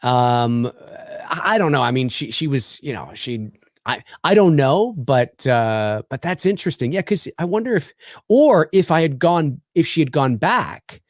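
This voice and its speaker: A Canadian podcast host in his forties leads a casual chat, rambling through stories with frequent restarts and lots of "you know what I mean." His mid-range voice has lively intonation and runs a little slow, with clean studio sound and no room echo.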